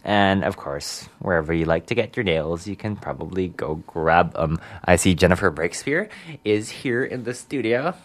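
Guy hosting community radio, really deep voice, giggly and rambly, lots of ums. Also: animated, normal speed. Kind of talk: casual radio chat.

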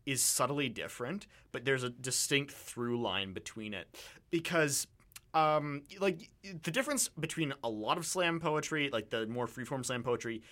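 A young man co-hosting a radio talk show, his voice bright and clear. He speaks at an ordinary middle pitch, musing his way through each thought with frequent restarts and fillers. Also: animated, normal speed. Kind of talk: casual discussion.

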